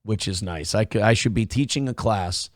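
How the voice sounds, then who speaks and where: A man's voice: lowish voice, moderate pace, dry recording, studio quality. A man hosting a morning live stream, rambling and joking crudely while reacting to clips and viewer tips. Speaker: morning show host. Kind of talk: casual live-stream commentary.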